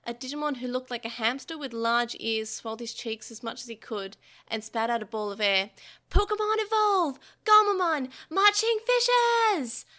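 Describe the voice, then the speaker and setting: A woman's voice: fairly high pitch, steady tone, brisk, few pauses, pushed and bright. A woman podcast host reading a translated novel aloud, expressively, with small slips.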